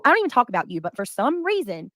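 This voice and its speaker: A woman's voice: on the high side, big pitch swings, racing, a bit bright, no room sound, studio quality. A woman hosting a casual livestream, greeting chatters by name. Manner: greets chatters by name, breaks into bits of song. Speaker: livestream host.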